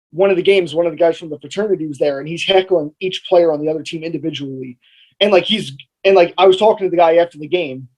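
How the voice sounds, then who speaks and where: A man's voice: high-pitched, darkish tone, rough recording. A young man, a college radio announcer, telling a rambling story with lots of fillers in a casual podcast chat.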